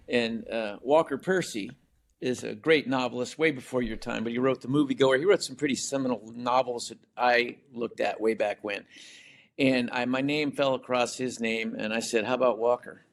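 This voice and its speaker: Gravelly man spinning an animated yarn. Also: mid-range voice. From Colorado. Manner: animated, laughing storyteller with many restarts. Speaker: guest, novelist and screenwriter. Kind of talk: casual podcast storytelling.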